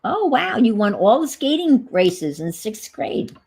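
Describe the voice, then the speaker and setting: A woman's voice: mid-range voice, sing-song, unhurried, mellow, husky, low-quality recording. A middle-aged woman with a New England accent, chatting casually on a livestream, reminiscing and reading viewer comments aloud. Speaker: livestream host.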